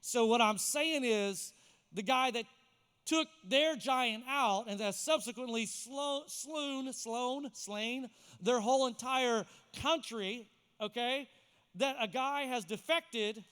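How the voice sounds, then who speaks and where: A man's voice: very high-pitched, bright, forceful tone, clear, resonant tone, long reverb tail. A man preaching a sermon as pastor, emphatic and repeating key words for effect, in a church sanctuary.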